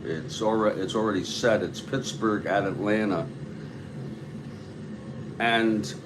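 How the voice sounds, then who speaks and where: A man hosting a tabletop baseball replay, giving calm, measured play-by-play with chatty asides to viewers. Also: on the low side, background noise. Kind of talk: play-by-play commentary of a board game replay.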